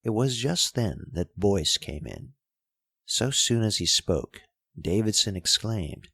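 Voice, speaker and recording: Male audiobook narrator, husky low voice with lots of pitch movement, unhurried, close and dry. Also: dry recording. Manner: measured, expressive storytelling. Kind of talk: audiobook reading of a classic story.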